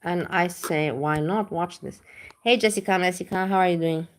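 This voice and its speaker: Woman streamer, lower voice, blunt and crude, chats to her viewers by name. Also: moderate pace. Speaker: livestream host reacting to videos. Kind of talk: casual livestream chat.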